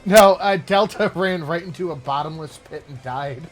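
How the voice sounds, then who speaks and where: A man's voice: a little high, moderate pace. A man playing a game on stream who chats casually and laughs as he talks. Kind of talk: casual gaming chat. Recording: faint music in the background.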